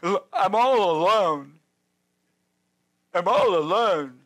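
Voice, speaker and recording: A man's voice: sits high, expressive, takes it slowly, fairly bright tone, full character voice. A man voicing a self-pitying male prophet who whines and drags out his words while hiding in a cave. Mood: whining. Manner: whiny, plaintive, drawn out.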